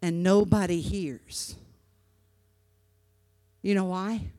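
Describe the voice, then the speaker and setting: A woman preacher telling a personal story in a sermon, impassioned, moving from hushed narration to shouting and often repeating words. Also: fairly high pitch, measured pace, dry recording. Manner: repeats words when stirred.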